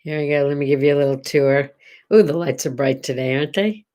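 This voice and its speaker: A woman's voice: low-pitched, fast, mellow. A woman hosting her morning vlog from a room at home, chatting with viewers in an encouraging way and often asking them questions. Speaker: host. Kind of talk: casual morning vlog talk.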